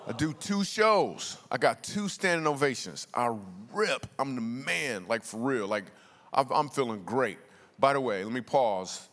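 A man's voice: medium pitch, fairly bright tone. Man, comedian, casual slangy storytelling, mid-range voice, long church-hall reverb. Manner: loose, slangy, conversational delivery with punchlines. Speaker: comedian and guest speaker. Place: large church auditorium.

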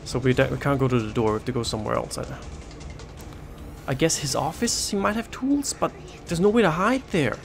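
A man's voice: medium pitch, lively intonation, fairly quick, soft background music. A man giving let's play commentary, panicking, swearing and joking to himself. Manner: panicky, swearing, jokey self-talk. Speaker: game streamer.

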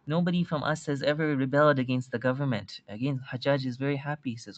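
A man's voice: medium pitch, fast talker, no room sound, lo-fi sound. A man teaching a religious studies class, retelling a story and quoting Arabic texts with many restarts and repeated words. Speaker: instructor. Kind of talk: recorded religious studies lecture.

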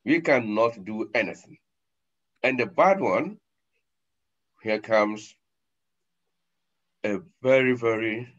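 A man, a sheikh giving a sermon, acting out scenes with sudden loud and soft turns, on a dull lo-fi recording. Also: mid-range voice. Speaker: sheikh, lecturer.

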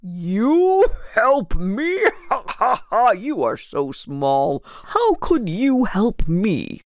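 A woman's voice: mid-range voice, sing-song, slow, gravelly, no room sound, studio quality, heavily acted. A woman voicing a proud male lion king in a storybook, roaring and mocking. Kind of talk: storybook narration.

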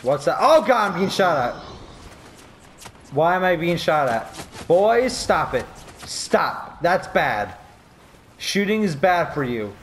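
A man's voice: on the high side, slight background noise. A drunk man rambling and laughing in casual chat while playing a video game. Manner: giggly, rambling, loud outbursts. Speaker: gamer.

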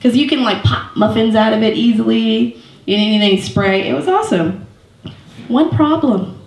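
A woman's voice: a little high, moderate pace, gravelly, a little mellow, reverberant. A woman in her thirties doing a stand-up set, chatty and self-mocking, full of "like" and "you know". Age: 30s. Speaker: stand-up comedian. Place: small comedy venue with a live audience.

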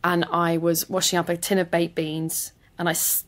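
A woman's voice: fairly low pitch, level tone, moderate pace. A woman comedian telling her story in an interview, self-deprecating and candid, swearing now and then. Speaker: comedian guest.

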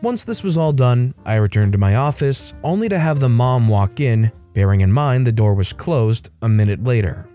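A man reading a first-person online story aloud as scripted narration, in a steady, even way. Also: mid-range voice, moderate pace, hardly any pauses, faint music behind.

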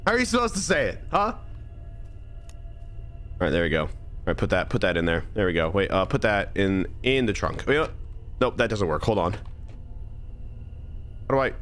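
A man with a Californian accent giving live commentary as he plays a game, animated and incredulous, often repeating words and restarting sentences. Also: on the low side, moderate pace, long pauses, soft background music. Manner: rambling, restarts and stammers. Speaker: streamer.

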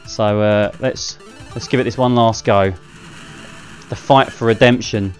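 A man giving casual, self-mocking commentary while playing a fighting game, with excitable outbursts. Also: fairly low pitch, moderate pace, soft background music. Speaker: gaming channel host.

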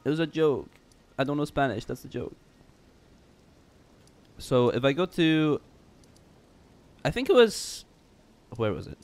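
A young man livestreaming a game speaks in a slightly high, darkish voice that is very animated yet unhurried, pausing often. His casual chat is goofy and rambling, self-mocking, and full of stammered restarts, with jazz faintly behind.

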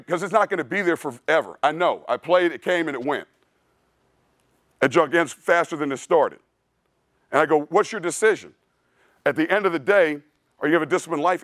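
A male strength coach whose voice sits on the high side and sounds a bit bright gives a clinic presentation. He's blunt and preachy in a casual way, with plenty of "dude," and the clean studio recording has no room sound.

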